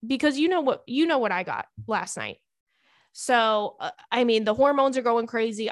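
A young woman hosting a podcast, reading listener emails and chatting in a gossipy, animated way, full of "girl" and "like". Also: fairly high pitch, moderate pace, no echo. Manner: gossipy, animated, swearing, says "girl" and "like" often. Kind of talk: casual chat.

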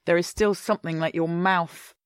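A woman's voice: fairly low pitch, moderate pace, smooth, dry recording, studio quality. A woman, an actress chatting in an interview and acting out little quotes. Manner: chatty, animated, acts out quotes. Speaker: actress guest. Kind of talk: casual interview.

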